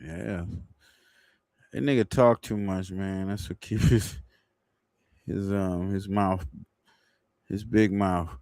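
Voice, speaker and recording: A man's voice: sits low, fairly even intonation, slow, long pauses, a little mellow, no echo, clean studio sound. A man hosting a livestream, commenting casually in a loose, rambling way and laughing at his own jokes. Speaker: livestream host.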